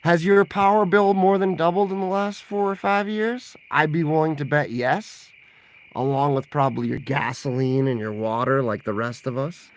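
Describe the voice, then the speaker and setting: Man, gravelly voice, slightly high pitch, rambling casual livestream chat, laughs a lot. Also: moderate pace. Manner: rambling and chatty, laughs often, reacts to live chat. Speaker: vlogger answering viewer questions.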